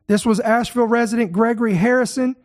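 A man's voice: very high voice, steady tone, quick pace. A man who leads a ministry, hosting an online show and delivering impassioned, indignant commentary full of rhetorical questions.

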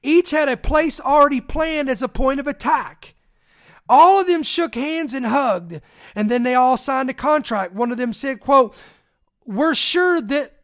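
A preacher in an emphatic, preaching-style talk who reads accounts aloud and breaks off with direct asides to listeners. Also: high-pitched.

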